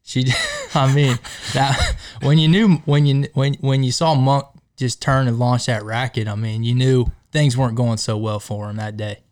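An easygoing young man co-hosting a relaxed podcast, agreeing readily and telling memories at a steady pace. His voice is smooth and resonant, at a middle pitch. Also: moderate pace. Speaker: podcast co-host. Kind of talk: casual chat.

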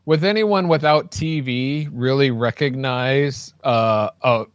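Halting man reviewing a movie. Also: medium pitch, clean tone, no room sound, clean studio sound. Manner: halting, restarting. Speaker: podcast co-host. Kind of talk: casual movie review chat.

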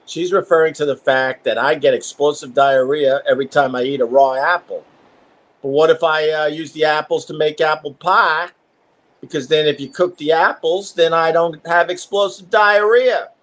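A man's voice: a little high, fairly even intonation, normal speed, a bit bright. A middle-aged man, a radio host on a live stream from home, rambling and profane in casual chat.

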